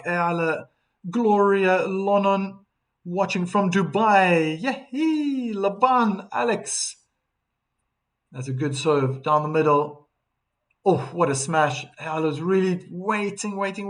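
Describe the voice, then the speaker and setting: Man, high voice, live tennis stream commentary, chatty, reads viewer shout-outs.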